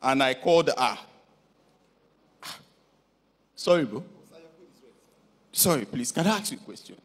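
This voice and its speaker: An actor playing a heartbroken young man, who complains loudly and keeps repeating himself. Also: mid-range voice, animated, a little slow, in a large hall. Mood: anxious. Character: heartbroken young man, dumped, blustering and indignant.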